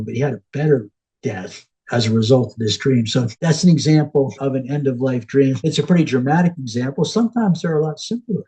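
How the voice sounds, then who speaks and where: A man's voice: on the high side, dark tone, husky, dull audio. A man as a podcast guest, earnestly retelling a patient's vivid dream in a storytelling manner. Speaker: guest, end-of-life care worker.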